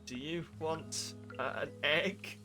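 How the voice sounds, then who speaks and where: A man's voice: on the high side, takes it slowly. A young man streaming a farming game, chatting to his viewers in a rambling, self-mocking way. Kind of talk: casual live-stream chat while playing. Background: game music.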